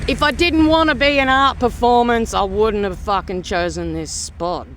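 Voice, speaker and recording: A woman's voice: a little high, animated, moderate pace, a bit bright. An Australian woman venting in a blunt, sarcastic rant for her vlog, swearing heavily and mocking the views she disagrees with. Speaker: vlogger. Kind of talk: ranting monologue vlog.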